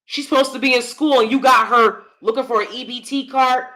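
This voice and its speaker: A woman's voice: high-pitched, steady tone, brisk, sharp tone. A woman hosting live-stream commentary, blunt and emphatic, often repeating herself. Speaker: commentary channel host.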